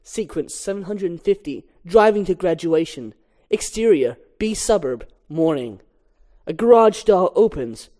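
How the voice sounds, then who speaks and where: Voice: medium pitch, measured pace. A reader reading a film script aloud, reciting stage directions and scene headings. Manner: flat stage-direction reading, lively swings.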